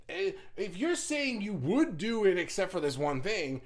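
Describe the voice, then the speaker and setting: A man's voice: high voice, big pitch swings, normal speed, few pauses. A middle-aged man and business owner giving casual motivational advice, blunt, swearing freely and often restarting his sentences. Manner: frequent restarts and stumbles.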